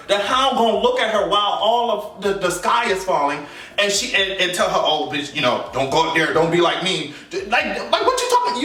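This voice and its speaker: A man's voice: high-pitched, bright, forceful tone, far from the mic. A man delivering a heated, emphatic and profane fan rant as a vlogger. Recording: echoey room, voice off mic.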